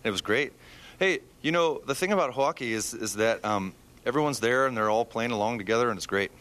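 A man's voice: mid-range voice, fairly quick, a bit bright, natural voice. Brief: a man faking a cheery Canadian uncle with a put-on Canadian accent, jokey and sing-song. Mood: cheerful.

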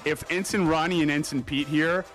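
A man's voice: on the high side, fairly even intonation, normal speed, fairly bright tone, soft background music. A man hosting a radio show, bantering and joking in a loose, rambling way. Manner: jokey, rambling.

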